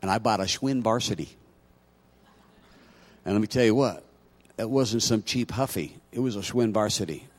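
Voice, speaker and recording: Starting with a conversational personal story, a pastor builds up to loud, emphatic preaching in his sermon. His voice is on the low side, at normal speed, with long pauses.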